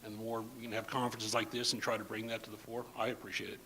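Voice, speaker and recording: A man speaking as a panelist at a policy event, telling anecdotes in a lively, joking way. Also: lowish voice, rapid-fire, poor audio. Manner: lively storyteller, jokey. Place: conference room.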